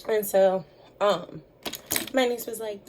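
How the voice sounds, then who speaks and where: A woman's voice: mid-range voice, steady tone, slow, a little mellow, slight background noise, rough recording. A young woman telling a story in a chatty vlog, with lots of fillers, voicing the people she quotes. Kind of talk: casual storytime chat.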